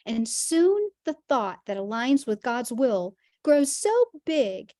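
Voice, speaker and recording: A woman's voice: high voice, a little mellow, no room sound, clean studio sound. A woman teaching a Christian health class, earnest and emphatic, using vivid everyday examples.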